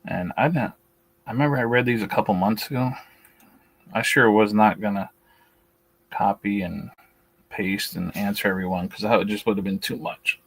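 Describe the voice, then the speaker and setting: A man's voice: lowish voice, normal speed, creaky, pauses often, husky, poor audio. A man hosting a beekeeping talk stream, blunt and opinionated, speaking with a shaky voice and often restarting his sentences. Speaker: beekeeping channel host. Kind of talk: casual livestream talk, reading and answering a list.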